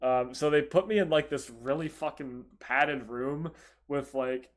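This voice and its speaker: Talking a little slowly, a young podcast co-host spins an animated, expletive-filled story on a casual show, his voice lurching between loud bursts and quiet mumbling.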